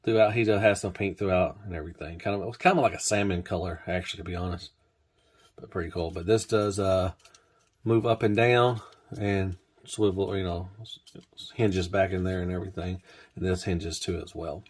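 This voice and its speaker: Male toy reviewer, deep voice, casual, rambling, unscripted. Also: steady tone, brisk. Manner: rambling, filler-heavy, laid-back.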